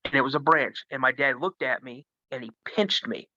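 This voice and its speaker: A man from Minnesota, a guest telling a story in a casual, animated way. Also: medium pitch, normal speed, no room sound. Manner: animated, acts out the voices of others. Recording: dull lo-fi sound.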